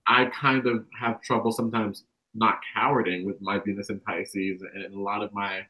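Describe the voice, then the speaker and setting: A young man from the American South, a guest talking casually about spirituality, rambling and acting out quotes with animated bursts. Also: lowish voice, moderate pace, low-quality recording.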